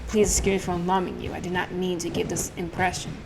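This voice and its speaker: A woman's voice: fairly low pitch, flat delivery, quick pace, vocal fry, music in the background, poor audio. A woman putting on a stiff, formal male investigator. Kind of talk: reading game dialogue aloud.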